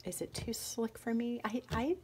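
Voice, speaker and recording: A woman reviewing notebooks and fountain pens in a chatty, musing way, often trailing off into soft whispers. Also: fairly high pitch, fairly even intonation, moderate pace, slight background noise. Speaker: stationery vlogger. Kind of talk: casual show-and-tell review.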